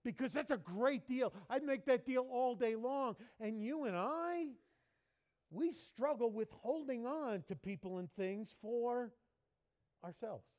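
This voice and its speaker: Man, very high voice, pastor, playful church sermon, mimics people. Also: expressive, takes it slowly, a little mellow.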